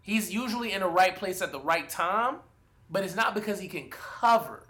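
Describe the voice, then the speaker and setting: A podcast co-host on a sports debate show argues his picks in a casual, animated, and profane way, hedging with fillers as he goes. His voice is high-pitched and his speed normal.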